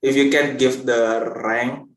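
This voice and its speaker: Slow, halting man in an echoey room. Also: medium pitch, fairly even intonation. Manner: halting, searching for words. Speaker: class host. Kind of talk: live online class interview.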